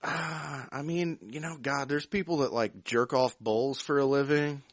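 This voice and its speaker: A man's voice: mid-range voice, fairly even intonation, a little slow, no room sound. A man from the United States hosting a podcast, teasing his guest in profane, laid-back talk. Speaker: podcast host. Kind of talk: casual podcast banter.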